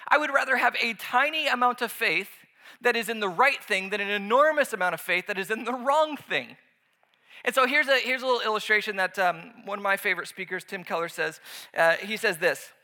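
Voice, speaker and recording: Bright, high-voiced animated male preacher. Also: a little fast. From United States. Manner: animated, acts out voices in anecdotes. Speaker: pastor. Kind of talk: sermon.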